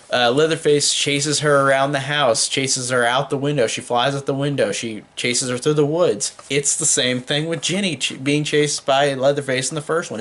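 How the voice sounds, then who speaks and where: A man's voice: mid-range voice, a bit bright. A young man giving a casual spoken film review, rambling with many fillers and restarts.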